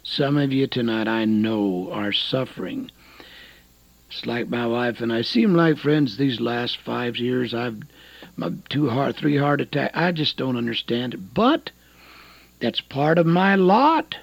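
Older male radio evangelist in his seventies, husky, fervent then hushed, dull lo-fi broadcast. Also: medium pitch, measured pace, dry recording. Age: 70s. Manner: swings between hushed pleading and loud fervent preaching. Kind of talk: radio sermon.

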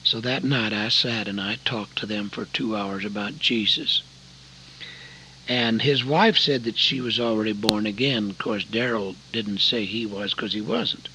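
An older man from Oregon preaching a sermon, earnest and folksy, telling a story with sudden loud emphasis. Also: on the low side, measured pace, slight background noise, low-quality recording. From Oregon, USA.

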